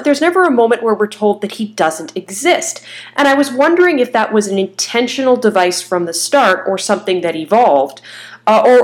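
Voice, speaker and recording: A woman hosting a podcast interview, asking questions in a chatty, friendly way. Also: mid-range voice. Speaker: podcast host. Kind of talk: casual interview.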